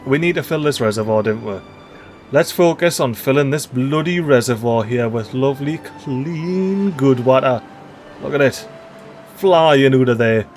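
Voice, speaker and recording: A man giving chatty, excitable commentary as he plays a game, joking with the characters on screen. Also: fairly high pitch, moderate pace, faint music behind. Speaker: let's play host. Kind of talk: casual gameplay commentary.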